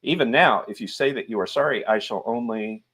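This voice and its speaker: A man's voice: medium pitch, fairly quick, fairly bright tone, husky. A man voicing a pompous middle-aged male police magistrate who blusters, turns irritable and talks down to the accused. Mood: severe.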